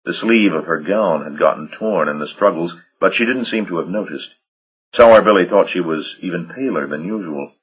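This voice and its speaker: Deep husky male audiobook narrator. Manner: measured, dramatic storytelling. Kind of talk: scripted narration. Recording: dull lo-fi audio.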